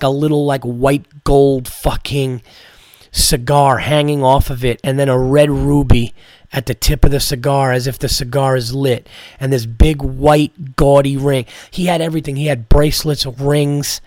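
A man's voice: medium pitch, a little mellow, no room sound, studio quality. A man, a comedian hosting a podcast, telling a rambling story full of swearing and "like" fillers. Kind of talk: casual storytelling.

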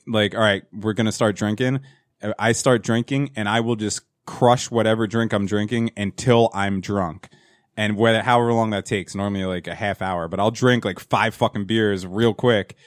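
A man's voice: lowish voice, moderate pace, no room sound, clean studio sound. A young man rambling through casual, profane stories in a podcast chat.

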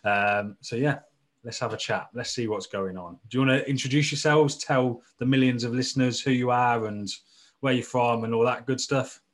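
A man's voice: mid-range voice, moderate pace. A man from the English Midlands co-hosting a podcast, talking casually in a chatty, musing way. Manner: chatty, musing, full of fillers. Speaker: podcast co-host. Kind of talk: casual chat.

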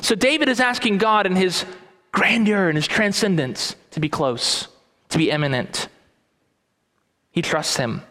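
High-voiced preaching man in a reverberant hall. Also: sharp tone. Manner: earnest expository preaching, slows for emphasis. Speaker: pastor. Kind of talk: sermon. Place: church sanctuary.

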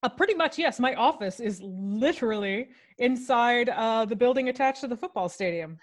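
A woman's voice: fairly high pitch, animated, normal speed. A woman co-hosting a podcast, a lecturer chatting casually and laughing easily. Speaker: podcast co-host, university lecturer.

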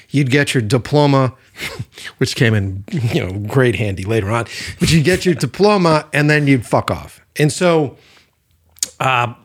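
Casual, swearing man telling a story. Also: medium pitch. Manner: loose, swears freely, animated retelling. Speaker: podcast co-host.

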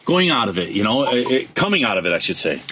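A male radio co-host who tosses out ideas with eager energy, often stopping to restart or correct himself. His voice is bright and forceful, with a middle pitch. Faint noise sits under the recording. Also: sing-song, fast, poor audio. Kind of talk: radio talk show chat.

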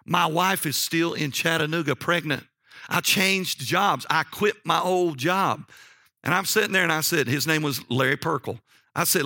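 Man, sermon, folksy storytelling, forceful tone, dry close sound. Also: on the high side, moderate pace, no echo. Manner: animated, folksy, repeats "okay?". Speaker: preacher.

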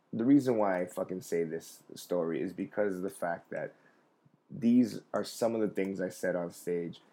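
A man's voice: low voice, gravelly, darkish tone. A young adult man, a comedian hosting a live stream, telling rambling, profane, self-mocking stories in casual chat.

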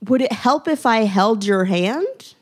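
A woman's voice: on the high side, lively intonation, unhurried. A woman quoting a kind old lady in furs. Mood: concerned.

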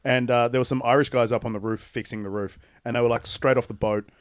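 A man's voice: mid-range voice, fairly even intonation, fast talker, no room sound, studio quality. Laughing, rambling podcast co-host man. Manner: rambling storyteller, laughs often. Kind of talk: casual podcast chat.

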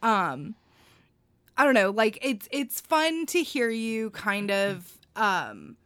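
A woman's voice: medium pitch, sing-song, slow pace, a bit bright. A woman hosting a podcast, talking casually with many restarts and filler phrases. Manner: rambling, many you-knows and restarts. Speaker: podcast host.

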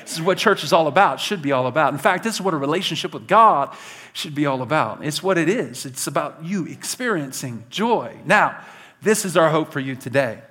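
High-voiced animated male pastor. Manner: animated, conversational preaching with laughs. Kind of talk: sermon.

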